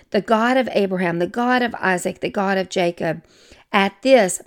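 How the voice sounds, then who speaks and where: Chatty Southern woman teaching Scripture. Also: medium pitch. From American South. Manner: warm, chatty asides to listeners, self-deprecating. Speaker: Bible teacher. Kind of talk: conversational Bible teaching.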